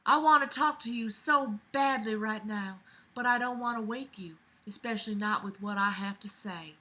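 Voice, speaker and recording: A woman voicing a teenage girl reading her confessional letter aloud in a put-on Southern Belle accent, soft and earnest. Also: on the high side, normal speed.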